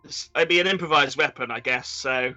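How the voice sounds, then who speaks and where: A man's voice: mid-range voice, fairly quick, pushed and bright, dry recording, lo-fi sound, faint music behind. A man playing a tabletop game, asking questions and making wry jokes. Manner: joking, wry. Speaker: player. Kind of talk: casual chat at a game table.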